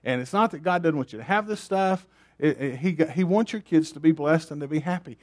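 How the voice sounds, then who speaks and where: A man's voice: on the high side, brisk, darkish tone. A man preaching a sermon, emphatic and repetitive, firing rhetorical questions at his congregation.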